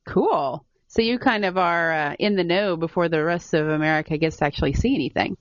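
A woman's voice: fairly low pitch, fairly quick, no room sound. Woman host asking brief friendly questions. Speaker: podcast host. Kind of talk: interview questions. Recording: dry, dull lo-fi sound.

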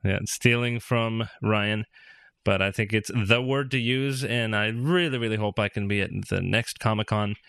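A man hosting a podcast in casual chat, relaxed and hesitant with fillers. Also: on the low side, moderate pace, clean tone, dry recording. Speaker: podcast host.

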